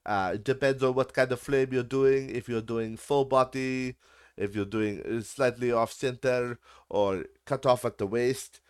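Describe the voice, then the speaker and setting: A man's voice: medium pitch, steady tone, clean tone, natural voice. A man putting on a pompous film expert's accent. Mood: lecturing. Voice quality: put-on accent. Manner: lecturing, drawn-out.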